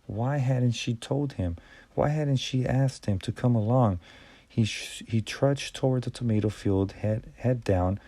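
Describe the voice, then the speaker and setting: A man narrating an audiobook in a measured reading style with small stumbles and restarts. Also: mid-range voice, warm tone, no room sound.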